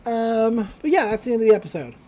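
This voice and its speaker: A woman's voice: fairly high pitch, animated, fast talker, mellow, slight background noise. A young woman co-hosting a podcast, chatting casually and rambling through an episode recap. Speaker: podcast co-host.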